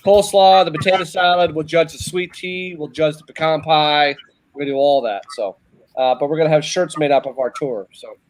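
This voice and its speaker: A man's voice: a little high, a little fast, low-quality recording. A man co-hosting a casual livestream chat, rambling through plans and lists. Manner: rambling, listing things off. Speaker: co-host.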